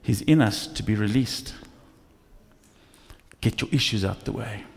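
A male pastor preaching a sermon, telling stories with lively acted asides in a church. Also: lowish voice, unhurried, creaky. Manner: animated storytelling with acted asides. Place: church hall. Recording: echoey church hall.

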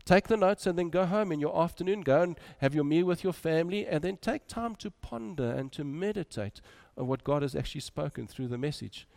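A man preaching a sermon, moving between loud urging and quiet, soft drops. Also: a little high, creaky.

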